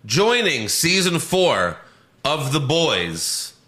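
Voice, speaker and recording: A man's voice: on the high side, sing-song, drawn-out words, pushed and bright. A man co-hosting a casual podcast, blunt and wry, reading out news items. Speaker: podcast co-host. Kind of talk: casual chat.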